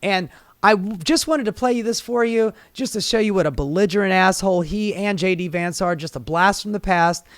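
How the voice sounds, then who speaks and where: A man's voice: high-pitched, brisk, clear, resonant tone, dry recording. A man giving sarcastic, profane political commentary. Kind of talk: commentary video.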